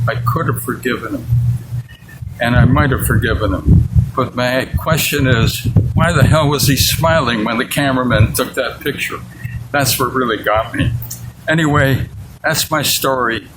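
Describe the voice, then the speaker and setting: A man's voice: medium pitch, moderate pace, very noisy. A man in his eighties recounts a personal memory in an interview, earnest and candid, acting out the dialogue he remembers. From United States. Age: 80s. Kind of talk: personal storytelling.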